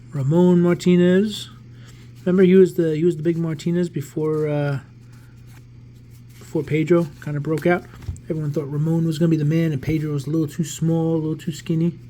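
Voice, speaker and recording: This card vlogger, a New York-area man in his forties, talks at a normal speed with a voice on the high side and pauses often. He's relaxed as he opens a pack, rambling and restarting while thinking aloud.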